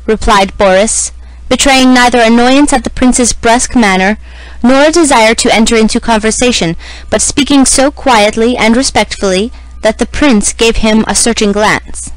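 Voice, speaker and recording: A woman reading a classic novel aloud as scripted narration, in a measured, even manner. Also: fairly high pitch, no echo, low-quality recording. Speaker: audiobook reader.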